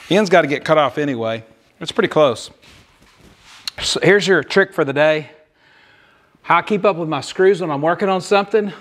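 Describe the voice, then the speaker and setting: A man's voice: a little high, fairly bright tone. A man, out of breath, chatting in a folksy, joking way as he works on a car in his garage. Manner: folksy, joking, talks while working. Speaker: DIY car builder. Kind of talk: casual workshop tutorial.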